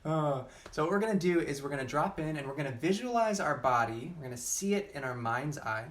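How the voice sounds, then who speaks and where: A man leading a live laughter yoga session, coaching gently through breathing and laughter with an unhurried, encouraging manner. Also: on the high side, lively intonation. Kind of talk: guided live-streamed session.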